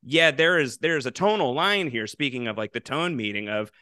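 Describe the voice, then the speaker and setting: A male podcast host with a bright, smooth, crisp voice, recorded dry and close. He asks long, rambling questions, circling his point with fillers. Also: medium pitch, expressive, fairly quick, no room sound. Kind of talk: casual podcast interview.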